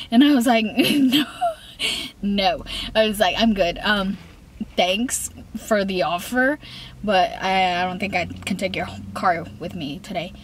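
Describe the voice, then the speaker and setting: A young woman telling a storytime in a casual, rambling way, full of fillers and restarts, often laughing and quoting herself. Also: medium pitch. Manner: giggly, laughs between lines. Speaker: vlogger.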